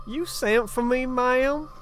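A man's voice: very high voice, takes it slowly, fairly bright tone, soft background music, voice pushed up, heavily acted. A man playing an eager, folksy, old-fashioned angel-like helper in a put-on accent in a comedy sketch.

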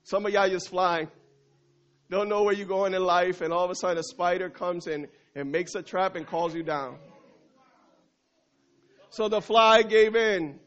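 A male pastor preaches with a high voice, driving points home through repetition and calls to the congregation. The recording is dull and lo-fi. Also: a bit bright. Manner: emphatic, repetitive preaching with call-and-response. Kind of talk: sermon.

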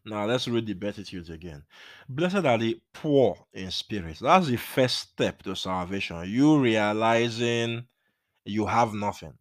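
A man's voice: fairly low pitch, lively intonation, measured pace, no room sound, studio quality. A man preaching a Bible teaching sermon, earnest and emphatic, repeating his key points.

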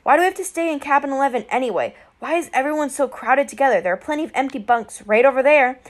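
A woman's voice: sits high, animated, fast talker. A woman voicing a frustrated twelve-year-old boy who sounds whiny and indignant in an audiobook. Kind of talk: audiobook character voice.

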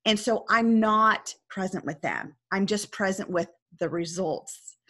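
A woman's voice: mid-range voice, measured pace, bright, forceful tone. A woman coach talking earnestly in a casual discussion, telling a story and often checking in with "right?".

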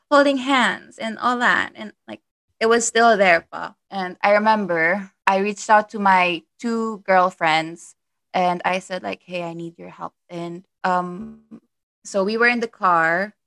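A young woman telling a personal story as a guest, halting and hesitant with many fillers. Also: mid-range voice, pushed and bright, no room sound.

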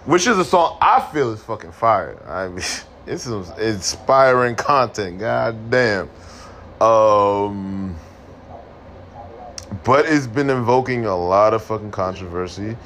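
A man's voice: lowish voice, animated, takes it slowly, fairly bright tone, slight background noise. A young man hosting a podcast, ranting casually with lots of slang and swearing, laughing often. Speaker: podcast host. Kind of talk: casual opinion rant.

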